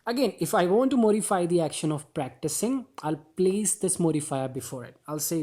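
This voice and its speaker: In an upbeat grammar lesson, a man with a high-sitting, animated, warm voice calls his audience guys and asks rhetorical questions. When giving example sentences, he slows down to stress particular words.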